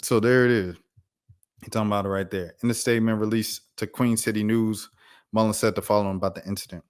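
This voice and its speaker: Animated man ranting about sports. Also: lowish voice, fast talker, smooth. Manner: animated, reads quotes flatly then rants loudly. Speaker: sports commentary host. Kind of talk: casual sports commentary vlog.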